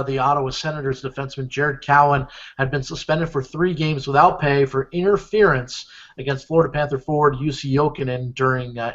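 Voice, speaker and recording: A man's voice: mid-range voice, fairly bright tone. A man co-hosting a podcast, reading news items aloud with frequent hesitations. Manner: hesitant, many "uh"s, reads releases aloud. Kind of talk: news reading mixed with casual chat. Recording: dull lo-fi podcast audio.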